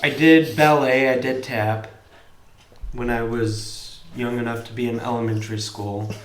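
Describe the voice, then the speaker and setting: A man's voice: medium pitch, steady tone, unhurried. Tipsy guy rambling and cracking jokes, roomy echo. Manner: rambling, joking loudly. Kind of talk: casual tipsy chat.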